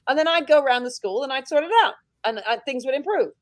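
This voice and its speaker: Outspoken British woman, higher voice. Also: fast, hardly any pauses, dry recording. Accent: British English. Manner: outspoken, animated storytelling with laughs. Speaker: interview guest, head teacher. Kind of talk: casual interview conversation.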